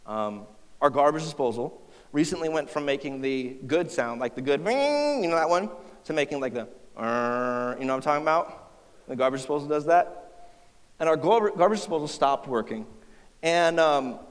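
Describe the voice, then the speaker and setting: A man in his thirties, a pastor preaching a sermon, telling a funny family story in a conversational way and speaking straight to his listeners. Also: a little high. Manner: humorous, conversational, talks to the audience. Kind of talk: sermon with personal stories. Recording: hall reverb.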